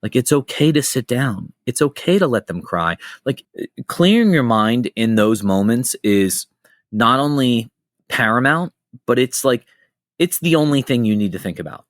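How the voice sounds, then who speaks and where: Animated middle-aged man hosting a podcast. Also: mid-range voice, moderate pace, no room sound, studio quality. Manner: animated storyteller, swears freely, jumps between tangents. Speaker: podcast host. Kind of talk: casual podcast conversation.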